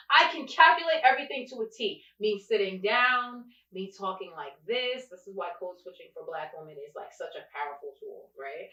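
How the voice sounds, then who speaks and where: A young woman talks in a bright, lively voice, telling her stories with plenty of emphasis. She sits a little back from a dull-sounding mic, so the room's echo carries around her. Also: a little high. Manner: animated, emphatic storytelling. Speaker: podcast co-host. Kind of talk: casual podcast chat. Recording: echoey room, distant and dull mic.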